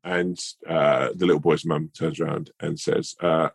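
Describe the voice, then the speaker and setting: A man's voice: extremely low pitch, little pitch movement, a little slow, gravelly, dry recording. A man co-hosting a podcast, telling a rambling mock-earnest story in a playful, casual way. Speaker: podcast co-host.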